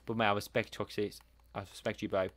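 A man's voice: on the low side, flat delivery, fast talker, fairly bright tone. A man streaming a shooter game live, chatting with his teammate and thanking viewers, calling everyone mate and bro. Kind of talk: live game commentary with viewer shout-outs.

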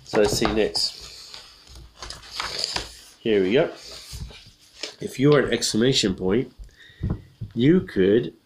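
A man teaching English by reading a children's picture book aloud, explaining patiently and repeating each line, then bursting into loud acted shouts. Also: lowish voice, slow, pauses often, slight background noise.

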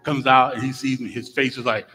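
A middle-aged man, a guest minister, opening his sermon with lively, joking stories for the congregation in a church. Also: mid-range voice, fairly quick. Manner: lively storytelling, jokes with the congregation. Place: church sanctuary. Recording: long church hall reverb.

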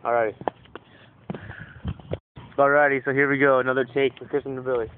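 Out by a house, a young quarterback casually records backyard football takes with his cousin, calling out each one with jokes and excitement. His voice is medium in pitch and brisk, captured through thin, lo-fi camera sound carrying a slight hiss.

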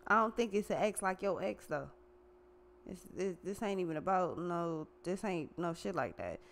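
A woman's voice: fairly low pitch, lively intonation, normal speed, a little hiss or hum. A woman giving a casual tarot reading in a blunt, profane, slangy way. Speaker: tarot reader.

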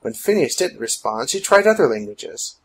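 Male audiobook narrator, husky, animated rises and falls. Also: medium pitch, moderate pace, rough recording. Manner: dramatic, storytelling.

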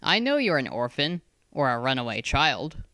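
A narrator voicing a calm, patient male school founder who has travelled the world, in a storybook reading. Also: mid-range voice, normal speed, no echo, clean studio sound. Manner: calm, patient, gently insistent.

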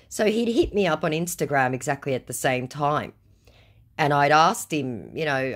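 A woman's voice: deep voice, moderate pace. A woman in her forties sarcastically retelling a chat with a scammer. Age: 40s. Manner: sarcastic, dry. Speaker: scambaiting storyteller. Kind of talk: comic retelling of chat messages.

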